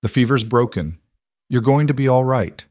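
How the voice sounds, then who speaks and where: A man's voice: medium pitch, animated, normal speed, darkish tone, no echo, clean studio sound, pitched above the performer's own voice, lightly acted. A man voicing a determined frontier wife who pleads fiercely and speaks tenderly to her husband in a storybook.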